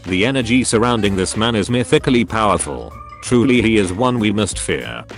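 Low-voiced man reading funny posts. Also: expressive, brisk, music in the background. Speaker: meme channel narrator.

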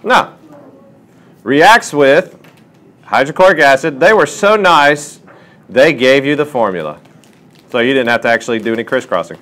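Man, chemistry tutor, animated pitch, classroom lesson, questioning students. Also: moderate pace, pauses often. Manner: lively, questioning teacher talk.

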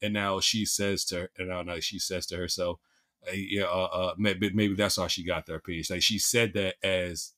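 Philly guy on a podcast, real deep voice, keeps repeating himself and starting over. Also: level tone, moderate pace, sharp tone. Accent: Philadelphia. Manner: rambling, many restarts and repeated words. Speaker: podcast host. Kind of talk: casual podcast chat.

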